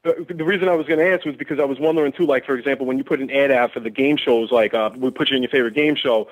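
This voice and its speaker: A fan calls in over a tinny phone line, his voice mid-pitched and thin. He talks fast and stumbles through his questions, full of fillers like "uh" and "like". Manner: hesitant, filler-heavy questioning. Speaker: caller and fan asking questions. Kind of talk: radio call-in questions.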